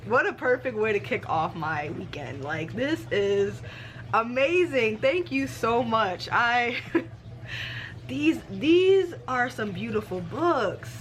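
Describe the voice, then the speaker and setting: Young woman, book vlogger, excited and gushing, casual slang, fairly high voice, faint noise behind. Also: slow. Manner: excited and gushing, laughing often. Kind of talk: casual vlog.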